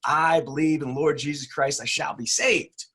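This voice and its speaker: A man voicing a stubborn, devout man who calmly refuses to leave his flooding house, in a husky voice. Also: on the high side, normal speed.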